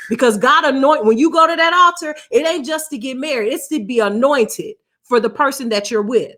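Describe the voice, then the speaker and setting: A woman's voice: sits high, a little fast, sharp tone. A woman co-hosting a live marriage talk, speaking earnestly in a sermon-like way about faith and commitment. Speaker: co-host of a marriage talk show. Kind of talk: live-streamed marriage teaching.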